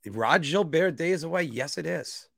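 Chatty sports podcast host, dry sound. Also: male voice, fairly high pitch, lively intonation, a little slow, creaky, a bit bright, husky, no room sound. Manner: promotional, chatty, frequent fillers. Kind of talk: casual sports talk.

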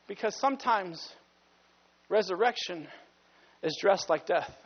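A man's voice: high voice, expressive, measured pace, long reverb tail, lo-fi sound. A male pastor preaching a sermon with passion, sometimes stopping to correct himself.

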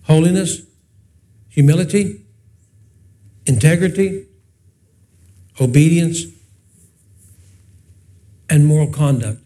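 Man, pastor, high voice, folksy humorous sermon, chatty storytelling. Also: lively intonation, slow pace, long pauses, warm tone. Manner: folksy, chatty, asks the congregation questions. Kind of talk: humorous preaching with personal stories.

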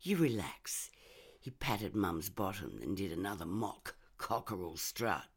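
A woman reading a first-person short story aloud in a measured, expressive way. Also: extremely low pitch, breathy edge.

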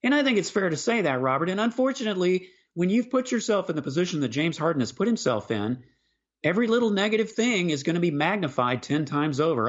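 Halting man talking basketball, muffled sound. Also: sits high, big pitch swings. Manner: halting, repeats words when starting sentences. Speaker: sports podcast co-host. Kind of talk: casual sports discussion.

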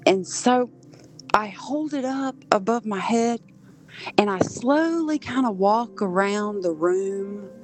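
A woman's voice: medium pitch, expressive, slow pace. A woman from Southern Georgia, a podcast guest earnestly telling a personal story and acting out voices she overheard. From Southern Georgia, USA.

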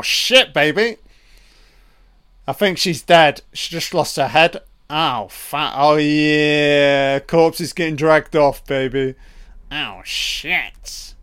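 A man giving a crude, profane, excitable running commentary on a film, calling the characters love and baby. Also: a little high, smooth.

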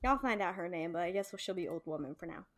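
A woman's voice: fairly low pitch, animated, quick pace. A woman co-hosting a casual podcast chat, talking loosely and laughing easily. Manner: chatty, laughing, swearing casually. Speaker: podcast co-host.

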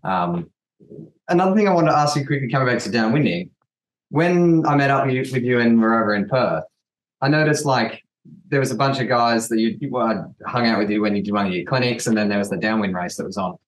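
A man's voice: mid-range voice, expressive, quick pace, poor audio. A man, a guest from a gear company, asking long rambling questions in casual chat. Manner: rambling, searching questions with restarts.

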